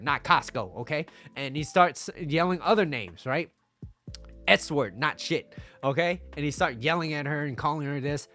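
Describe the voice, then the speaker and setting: A man's voice: medium pitch, fairly bright tone. A man giving casual dating advice in a monologue, blunt and swearing freely, laughing and acting out both sides of conversations.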